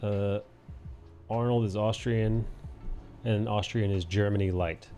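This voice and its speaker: A man's voice: fairly low pitch, fairly even intonation, a little slow, mellow, soft background music. A man hosting a casual livestream chat, rambling, swearing freely and laughing often. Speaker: livestream host. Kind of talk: casual chat while drawing.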